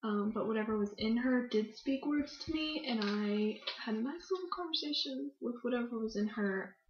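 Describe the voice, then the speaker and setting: A young woman chats through her story with a fairly high voice, laughing often and leaning on fillers. The sound is roomy with echo, and a little dull and muffled. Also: lively intonation, normal speed, background noise. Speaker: guest. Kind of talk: casual storytelling in an interview.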